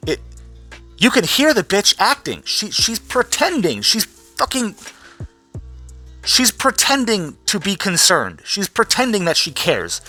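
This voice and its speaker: A man rants bluntly and sarcastically into the camera, with lots of swearing. His voice is bright and sits fairly high, with faint music underneath. He sounds worn out. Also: wildly swooping pitch, unhurried. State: tired. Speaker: vlogger. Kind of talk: casual profane rant.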